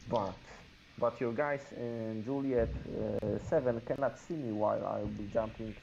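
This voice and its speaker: A man's voice: mid-range voice, a little slow, a little mellow. A man playing a wargame on a stream, thinking aloud hesitantly with lots of fillers. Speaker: wargame player and co-host. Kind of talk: casual chat during a game. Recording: dull stream audio with clear hiss.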